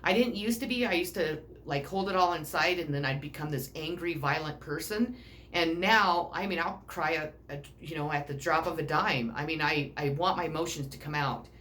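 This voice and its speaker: A woman's voice: sits low, normal speed, a bit bright, slight background noise. A middle-aged woman giving a casual self-help talk, blunt and rambling, swearing freely. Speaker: personal growth speaker.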